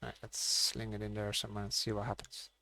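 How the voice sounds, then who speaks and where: A man's voice: fairly low pitch, completely flat delivery, a little fast, vocal fry, bright, forceful tone. A man streaming a fishing game, thinking aloud and muttering to himself as he plays. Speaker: gaming streamer. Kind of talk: casual live-stream commentary.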